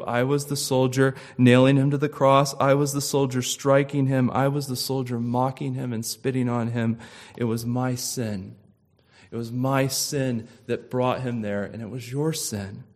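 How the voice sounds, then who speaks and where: A middle-aged man delivers a sermon at an unhurried, deliberate pace. His preaching is emphatic and climbs to loud, impassioned peaks. His voice sits at an ordinary male pitch. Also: creaky.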